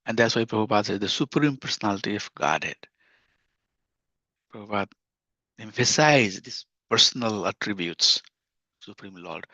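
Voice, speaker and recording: A man's voice: lowish voice, bright, forceful tone, dry recording. A man giving a scripture class in an earnest teaching tone, often repeating key phrases. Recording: dull lo-fi dry recording.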